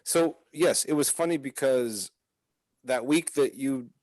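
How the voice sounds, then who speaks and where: Regular-pitched guy on a movie podcast, keeps restarting, dry close mic. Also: measured pace, a little mellow, dry recording. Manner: hesitant, restarts and fills with "like". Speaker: podcast co-host. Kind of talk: casual film-discussion chat.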